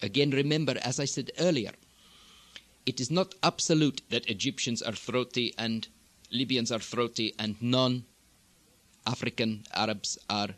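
A man teaching accent technique, explaining in a slow, deliberate, instructive way. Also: medium pitch, no room sound. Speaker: dialect coach.

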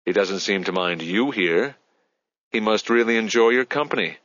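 A smug, needling male coworker in an audiobook, as a man reads him. His voice sits low and teasing, with close, dry and muffled sound. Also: animated, normal speed, a bit bright, no echo.

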